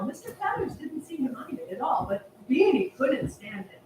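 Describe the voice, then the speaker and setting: Animated woman storyteller at a family service; high voice, far off in an echoey hall. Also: moderate pace, few pauses, background noise. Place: temple hall.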